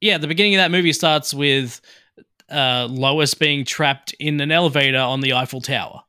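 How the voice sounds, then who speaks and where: On a casual movie-review podcast, this co-host rambles with lots of fillers and laughs easily. His voice is a little high, sharp, clear, and resonant, at a normal speed.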